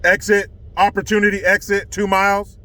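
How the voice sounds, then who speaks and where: Male vlogger, higher pitch, sarcastic and profane ranting commentary. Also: little pitch movement, moderate pace, bright, forceful tone. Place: California.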